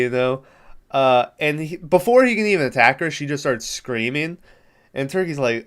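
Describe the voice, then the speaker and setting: A man's voice: on the high side, expressive, moderate pace, clean tone. A man hosting a podcast, recapping a movie in a rambling, profane, amused way. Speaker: podcast host.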